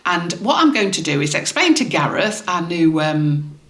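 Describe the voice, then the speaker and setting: A woman's voice: fairly low pitch, very animated, moderate pace, a bit bright. Giggly lady giving garden tips, rambly and playful, echoey room. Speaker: gardening podcast co-host. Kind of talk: casual chat with gardening advice.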